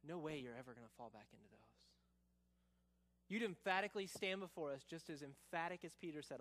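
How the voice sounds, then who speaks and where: A man preaching a sermon, telling a story and acting out quotes, then dropping to a quiet, searching tone. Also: a little high, lively intonation, a little fast. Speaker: pastor.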